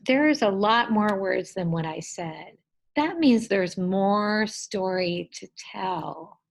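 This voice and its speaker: A woman teacher giving a gentle, encouraging lesson to young children and asking them questions. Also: fairly high pitch, low-quality recording.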